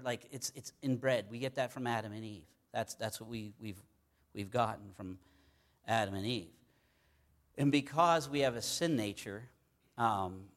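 Conversational man preaching a sermon. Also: medium pitch. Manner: conversational, folksy, with many fillers and repeated words.

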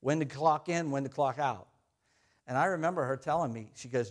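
A man's voice: medium pitch, a little fast. A middle-aged man preaching a sermon as pastor, conversational and self-deprecating, often laughing at his own stories.

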